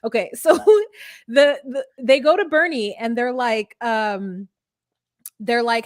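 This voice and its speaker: Animated, higher-voiced woman telling a story. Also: slow pace, no room sound. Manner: animated, profane, self-correcting. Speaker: podcast host reading from notes. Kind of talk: casual storytelling chat.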